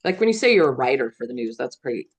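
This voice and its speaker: A middle-aged woman from Iowa with a notably low voice. She talks casually in an interview, rambling through her story with fillers and light laughs. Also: sing-song, very fast. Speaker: guest, veteran news executive.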